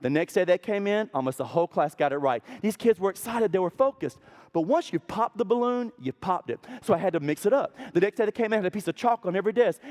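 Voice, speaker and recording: A middle-aged man telling lively stories in a keynote speech, acting out quotes with voices. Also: high voice, fast. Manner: animated, acts out quotes with voices. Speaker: keynote speaker, teacher. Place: conference stage.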